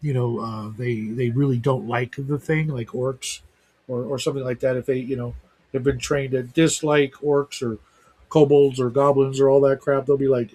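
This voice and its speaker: A man's voice: mid-range voice, fairly even intonation, moderate pace, mellow. A middle-aged man hosting a livestream talk show in casual chat, rambling with lots of fillers. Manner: rambling, heavy use of fillers.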